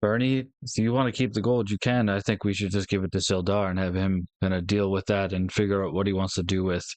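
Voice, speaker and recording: A man's voice: low voice, flat delivery, fast talker, a little mellow, no room sound. A man playing a tabletop game, speaking in an easygoing, agreeable way. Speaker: player.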